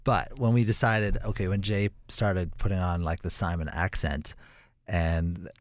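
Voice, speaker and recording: A man with a deep, low voice talks as an interview guest, animated and given to emphatic exclamations. He laughs easily. The sound is close and dry. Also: measured pace, dry recording. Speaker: musician guest. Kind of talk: casual interview chat.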